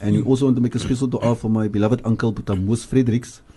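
A man with a South African accent giving religious teaching on radio, reciting verses slowly and then explaining them with emphatic repetition from a studio. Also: mid-range voice, steady tone, mellow, breathy edge. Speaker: Islamic scholar and regular radio guest.

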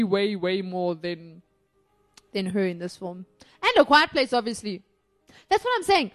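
A woman co-hosting a casual film review chat, emphatic and opinionated, laughing often. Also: a little high. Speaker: podcast co-host.

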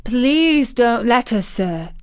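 A woman's voice: mid-range voice, moderate pace, darkish tone, dry recording, studio quality, natural voice. Woman reading as a timid young housemaid. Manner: nervous, deferential.

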